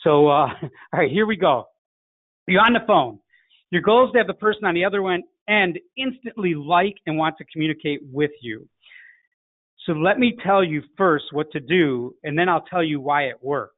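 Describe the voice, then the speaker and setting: The recording is dry and tinny like a phone line, carrying a fairly high, lively voice at a moderate pace. It belongs to a middle-aged Chicagoan with a Chicago accent who teaches sales in a direct coaching style and acts out phone greetings.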